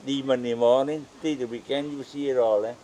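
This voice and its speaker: A man's voice: medium pitch, fairly even intonation, brisk, poor audio. A man living on the estate, chatting bluntly and plainly to an interviewer outdoors. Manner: blunt, plain-spoken, trails off quietly. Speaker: local resident interviewee. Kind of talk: casual chat.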